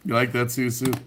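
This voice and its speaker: Chatty man in his fifties, lively voice. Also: medium pitch, heavy background noise. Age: 50s. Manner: chatty, laughs often, answers viewers' chat. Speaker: live streamer. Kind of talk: casual live-stream chat. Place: home garage. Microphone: phone.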